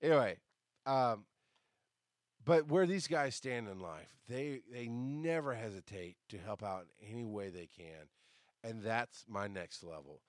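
A man hosting a podcast, telling a story in a casual monologue, jumping between loud outbursts and quiet asides and swearing as he rants. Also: lowish voice, lively intonation, a little slow, dry recording, studio quality. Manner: swears casually while ranting. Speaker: podcast host.

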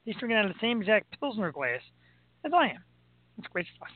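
A man's voice: high-pitched, very animated, a little fast, no room sound. A man with a Philadelphia accent co-hosting a casual chat, joking and rambling. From Philadelphia area. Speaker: co-host. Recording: tinny phone-like call audio, dry.

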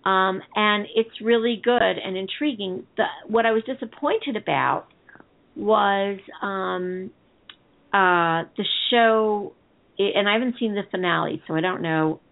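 A woman's voice: medium pitch, unhurried, creaky. A woman co-hosting a TV discussion show, chatting casually and rambling as she reads listener comments aloud. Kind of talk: casual chat. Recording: tinny phone-line sound.

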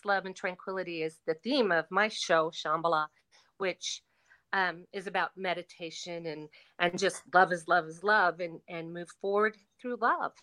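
A woman's voice: on the low side, pushed and bright. A woman talking as a guest in a casual interview, reflective and often repeating herself as she restarts sentences. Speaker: guest performer.

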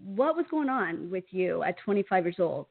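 A podcast host asking quick questions and laughing along with the guest. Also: mid-range voice, very animated, vocal fry, narrow, tinny audio. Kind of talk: interview questions.

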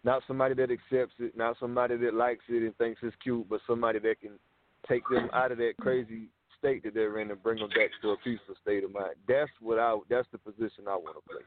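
A man's voice: mid-range voice, steady tone, fast, slight background noise. A man co-hosting a casual podcast chat, blunt, insistent and profane. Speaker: podcast co-host. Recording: dry, tinny phone-like sound.

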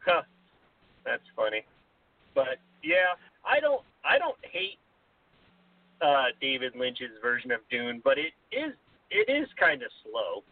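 A man's voice: mid-range voice, wildly swooping pitch, slow, long pauses, no echo. A man co-hosting a podcast in casual chat, laughing often and restarting his sentences. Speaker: podcast co-host. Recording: tinny phone-like dry sound.

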